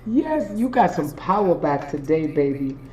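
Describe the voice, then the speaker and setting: On a low-quality recording, a woman with a low, sing-song voice and a dark tone speaks a little slowly. A spiritual reader hosting a live stream, she gives her viewers an emphatic, preachy, profane motivational pep talk.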